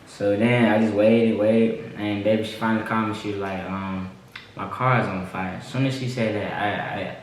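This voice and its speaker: A young man, talking to the camera in a relaxed vlog style, repeating himself and leaning on fillers. His voice sits on the low side. It is recorded from a little distance in a very echoey room with a faint hiss behind it. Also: normal speed. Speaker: vlogger. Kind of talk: casual storytelling to camera.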